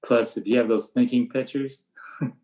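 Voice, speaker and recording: In a relaxed podcast-style interview, an older American man who coaches high school baseball walks through his practice methods in a flat, matter-of-fact way, sometimes acting out the blunt lines he gives his players. His voice is mid-range at a normal speed, and the audio is poor.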